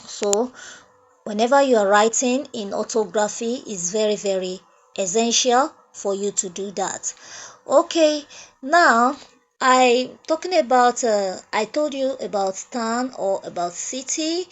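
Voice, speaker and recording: A woman teaches French grammar at a classroom whiteboard, saying each example twice. She speaks very slowly and patiently. The recording sounds muffled and lo-fi. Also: on the high side, expressive. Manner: repeats phrases slowly, explains step by step. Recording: dull lo-fi sound.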